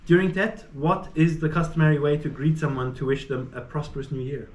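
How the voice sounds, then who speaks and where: A man's voice: a little high, reverberant, lo-fi sound, a little hiss or hum. A man acting as quizmaster, reading out questions to a group and playfully ruling on their answers. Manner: playful, laughing, quick to rule answers wrong.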